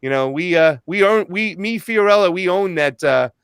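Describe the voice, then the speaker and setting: Animated man telling a story. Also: high voice, moderate pace, clear, resonant tone, dry recording. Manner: animated storytelling, acts out quoted dialogue. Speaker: podcast host and activist guest. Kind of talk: casual chat.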